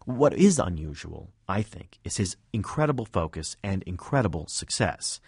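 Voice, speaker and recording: A man's voice: sits low, big pitch swings, normal speed, creaky, darkish tone, breathy edge, dry recording, clean studio sound. A man reading his scripted radio commentary with wry, self-deprecating humor.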